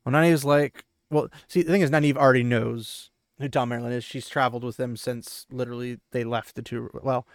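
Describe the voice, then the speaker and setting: A man's voice: medium pitch, steady tone, a little fast, few pauses, dry recording, clean studio sound. A man hosting a podcast, casually retelling a book chapter with chatty asides. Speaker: podcast host.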